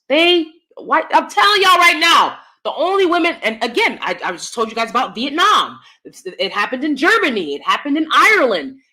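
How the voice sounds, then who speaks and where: A woman from the United States hosting a livestream, talking in an emphatic, fiery, animated way and reading out super chats. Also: fairly high pitch. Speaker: host.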